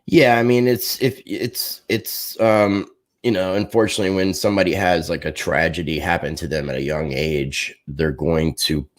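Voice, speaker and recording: Deep-voiced guy, chill reflective chat, laughs easy. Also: steady tone, normal speed. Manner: reflective, laughs easily, thinks aloud. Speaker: podcast guest. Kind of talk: casual chat.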